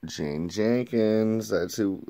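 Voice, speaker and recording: A man's voice: on the low side, very slow, warm tone. A man reviewing a movie in a casual, crude play-by-play recap. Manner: loose, crude, retells scenes in a play-by-play.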